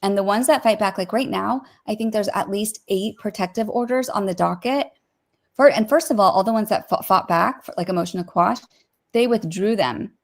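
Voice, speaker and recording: A woman co-hosting a casual livestream, talking through court filings in a rapid, opinionated way with many fillers. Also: mid-range voice. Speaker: co-host discussing court filings.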